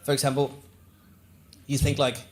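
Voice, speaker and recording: A man from Venezuela, doing animated, profane stand-up comedy on a stage. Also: mid-range voice, moderate pace.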